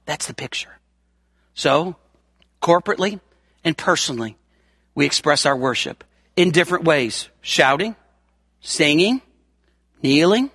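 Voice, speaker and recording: Emphatic high-voiced male preacher. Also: animated, unhurried, pauses often, breathy edge, no echo, studio quality. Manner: emphatic, repeats words for stress, swings from loud to soft. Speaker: pastor. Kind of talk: sermon.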